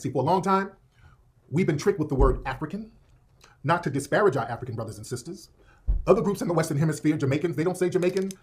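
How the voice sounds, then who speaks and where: A man's voice: fairly high pitch, darkish tone, breathy edge. A man giving impassioned commentary in an emphatic, preachy way.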